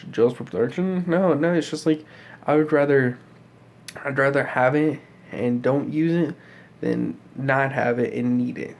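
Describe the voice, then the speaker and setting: A man's voice: medium pitch, steady tone, measured pace, creaky. A man in his twenties talking in a casual vlog, rambling and swearing, with many fillers. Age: 20s. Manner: rambling, profane, full of fillers. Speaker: vlogger.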